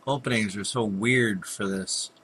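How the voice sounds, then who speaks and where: A fairly low-pitched male voice with fairly even intonation, a measured pace and a fairly bright tone, over slight background noise. He's an older gameplay commentator casually talking through a computer game, chatty as he mutters at monsters and keeps apologizing for his frequent yawns.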